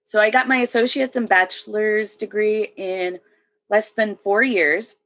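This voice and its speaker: A woman's voice: mid-range voice, steady tone, measured pace, fairly bright tone. A woman in her thirties, a military veteran, talking as a guest in a casual chat and often laughing between sentences. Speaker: podcast guest.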